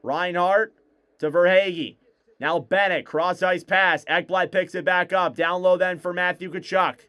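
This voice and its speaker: A man calling live hockey play-by-play on a fan stream, in rapid clipped play calls that rise on shots. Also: high voice, fairly even intonation, pushed and bright, smooth. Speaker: play-by-play commentator.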